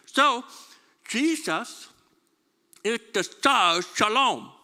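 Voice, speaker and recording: A man's voice: very high-pitched, animated, drawn-out words, pushed and bright, big-room sound. A man preaching a sermon, stumbling over repeated words and asking his congregation questions. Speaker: pastor.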